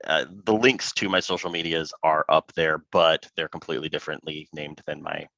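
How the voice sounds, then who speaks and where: A man's voice: a bass voice, steady tone, a little fast, gravelly, pushed and bright, dry recording, lo-fi sound. A man co-hosting a podcast in casual chat, playful and self-mocking. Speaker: podcast co-host.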